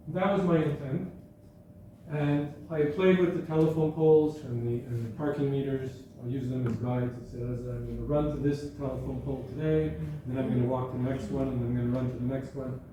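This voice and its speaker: A man's voice: medium pitch, normal speed, mellow. A man giving an informal talk to an audience, chatty and anecdotal, often correcting himself mid-sentence. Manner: conversational, self-correcting, anecdotal. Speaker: guest speaker. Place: hall at a school gathering. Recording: echoey room, speaker far from mic, faint background noise.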